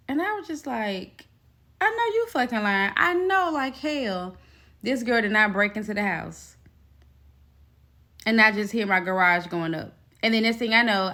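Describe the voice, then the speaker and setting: A young woman with a mid-range voice tells a personal story in a casual storytime style, blunt and expressive, and swears freely.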